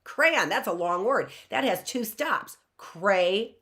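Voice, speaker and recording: A woman teaches young children their letters in a slow, unhurried voice that rises and falls a lot. Her tone is bright, and she stretches out words and repeats her questions the way teachers do with little kids. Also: medium pitch, expressive. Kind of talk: children's phonics lesson.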